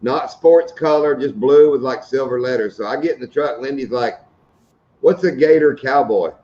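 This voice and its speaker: A man's voice: medium pitch, brisk, warm tone, highs cut off. A middle-aged man hosting a live stream, chatting casually and telling funny stories. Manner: joking storyteller, laughs at his own stories. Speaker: host of a fishing channel live stream.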